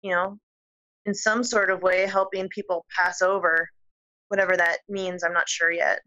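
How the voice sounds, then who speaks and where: Lady guest on a talk show, giggly storyteller, bright sharp tone. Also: fairly low pitch, level tone, moderate pace, muffled recording. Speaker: podcast guest. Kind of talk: casual storytelling interview.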